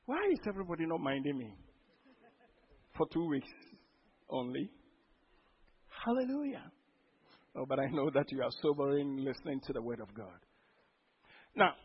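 A man preaching a sermon as pastor, breaking into sudden loud emphatic outbursts. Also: fairly high pitch, lively intonation, normal speed, long pauses, husky, lo-fi sound.

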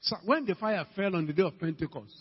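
A man preaching in Ghanaian English, his husky voice sitting high as he calls out questions and builds to shouts. It sounds like a dull, lo-fi recording with a long reverb tail from a church hall. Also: expressive, fast. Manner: emphatic, calls out to the congregation, rising to shouts. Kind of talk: sermon.

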